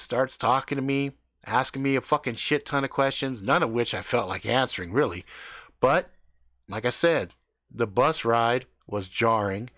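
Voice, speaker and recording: Lively, profane male storyteller. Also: mid-range voice, no room sound, studio quality. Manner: profane, animated, playful. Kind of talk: improvised comedic story.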